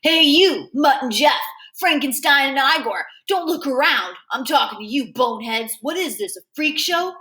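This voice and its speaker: Storybook bully: woman playing a loud, jeering teen punk, sharp and mocking. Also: fairly high pitch, expressive, moderate pace, few pauses. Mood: taunting. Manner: taunting, loud.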